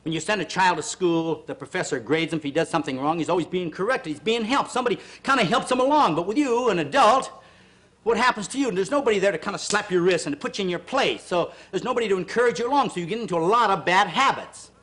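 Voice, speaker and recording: Peppy guy with a high voice leading a tv workout, counts reps, gets all preachy between sets. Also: fast. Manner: energetic, counts reps and exhorts viewers; earnest, preachy heart-to-heart asides. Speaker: fitness show host. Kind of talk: televised exercise class and pep talk.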